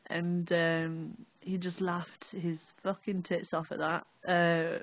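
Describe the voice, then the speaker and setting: A young woman with a Northern English accent, recalling an experience in a halting, rambling, sweary way. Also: on the low side, flat delivery, no echo. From England. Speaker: vlogger. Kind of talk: casual first-person recollection. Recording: dry, tinny phone-like audio.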